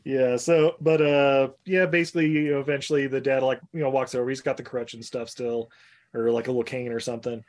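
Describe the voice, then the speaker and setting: A man hosting a casual podcast chat who recaps a movie, laughs often and slips into rough put-on voices when quoting. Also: medium pitch, flat delivery, a little fast, darkish tone.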